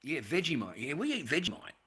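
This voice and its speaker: An Australian man on a live stream, rambling and confrontational, swearing freely and veering from low muttering to loud outbursts. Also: sing-song, fast, slightly rough. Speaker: livestreamer.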